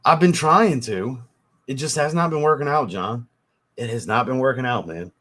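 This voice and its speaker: Getting over a cold, a man hosts a fragrance livestream, chatting with viewers and reading their comments in a loose, profane way that includes a lot of swearing. His mid-range voice has lively intonation and a sharp tone at a moderate pace.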